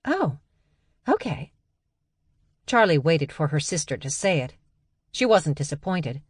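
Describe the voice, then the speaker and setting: A woman narrating an audiobook in even, measured storytelling. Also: low-pitched, husky, dry recording, studio quality.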